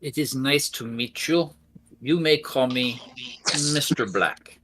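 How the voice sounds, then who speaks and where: A man's voice: medium pitch, slow, noisy background, close to an everyday voice. A man playing an aloof, formal man who speaks with dry, condescending sarcasm. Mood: haughty.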